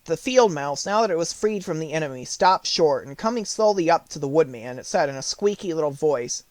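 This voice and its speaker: Lively male storybook reader. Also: a little high, fairly quick, hardly any pauses, no room sound. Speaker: audiobook narrator. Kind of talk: expressive storybook reading.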